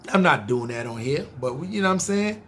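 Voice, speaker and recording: A man's voice: fairly high pitch, animated, brisk, a bit bright, slight background noise. A man from Harlem, telling his life story in a rambling, slangy, profane way, addressing listeners directly. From Harlem, New York. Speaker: podcast storyteller. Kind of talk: casual storytelling podcast.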